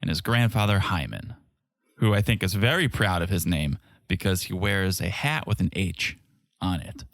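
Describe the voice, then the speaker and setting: A man's voice: sits low, moderate pace, creaky, fairly bright tone, no echo, studio quality. A man co-hosting a podcast, recapping a reality show in casual, chatty talk and laughing often. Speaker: podcast co-host.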